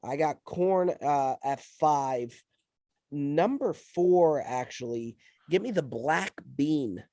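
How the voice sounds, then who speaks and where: A feverish man hosting a podcast, pushing through with emphatic, repeated lines. His slightly high voice is recorded close and dry, with no room sound. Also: lively intonation, takes it slowly, mellow, dry recording. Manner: hype, emphatic, repeats phrases. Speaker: podcast host. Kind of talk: casual chat.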